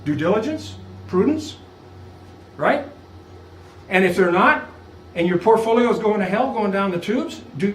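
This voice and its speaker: Animated man lecturing in an echoey room. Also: high-pitched, slight background noise. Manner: emphatic, rhetorical questions, animated. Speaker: visiting law lecturer. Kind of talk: lunchtime law lecture. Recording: echoey room, far from mic.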